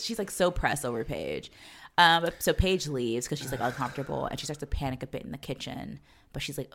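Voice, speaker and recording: A woman co-hosting a podcast, chatting casually and laughing, slangy, putting on quick high voices for quotes, and sounding tired. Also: fairly bright tone. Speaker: podcast co-host. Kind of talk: casual rewatch podcast chat.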